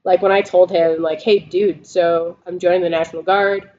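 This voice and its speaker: A woman's voice: on the low side, level tone, normal speed, a little mellow. A woman co-hosting a casual veterans' podcast, telling stories with lots of swearing and laughter. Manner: profane, laughing storyteller. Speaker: podcast co-host, Marine veteran. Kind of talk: casual chat. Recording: dull lo-fi sound.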